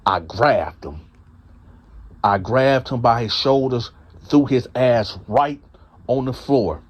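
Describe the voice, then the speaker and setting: A man recounts a story in a loose, conversational way, talking straight to his listeners as y'all. He is blunt and emphatic and swears freely, in a mid-pitched voice. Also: slow. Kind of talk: casual storytelling to an audience.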